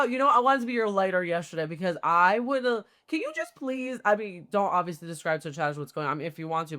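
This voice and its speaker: A woman co-hosting a podcast, chatting casually with quick, teasing banter. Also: mid-range voice, fairly bright tone. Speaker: podcast co-host. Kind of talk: casual chat.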